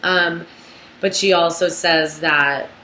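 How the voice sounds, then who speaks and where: A young woman with a low voice gives a lecture at a slow, deliberate pace, stopping often to restart her sentences. Her voice rings in an echoey room with a faint hum of ambience behind it. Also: steady tone, pushed and bright. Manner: unhurried, thoughtful, with many ums and restarts. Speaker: literature teacher. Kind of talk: recorded lecture with a read-aloud passage.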